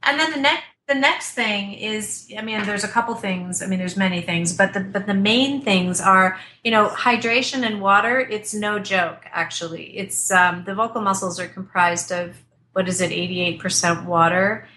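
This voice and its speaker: Bright, chatty woman vocal coach. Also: medium pitch, moderate pace, slight background noise. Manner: animated, chatty, many fillers and restarts. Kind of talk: remote interview, explaining technique. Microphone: desktop computer mic at a distance.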